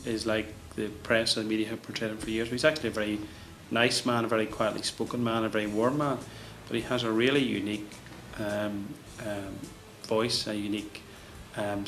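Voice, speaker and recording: Low gravelly Northern Irish man. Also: fairly bright tone, a little hiss or hum, low-quality recording. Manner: hesitant, many ums. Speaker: politician. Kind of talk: interview answer.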